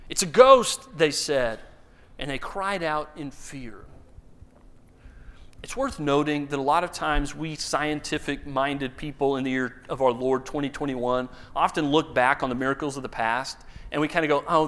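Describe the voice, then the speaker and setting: In a sermon, a pastor with a strikingly high, slightly bright voice tells a story with animation and humor. He puts on playful voices for the characters.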